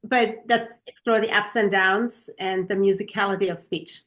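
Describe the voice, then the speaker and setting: A woman's voice: mid-range voice, steady tone, moderate pace, fairly bright tone. A woman whose first language is German, co-hosting a podcast in a chatty, storytelling way with frequent ums. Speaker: podcast co-host. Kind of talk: casual podcast chat.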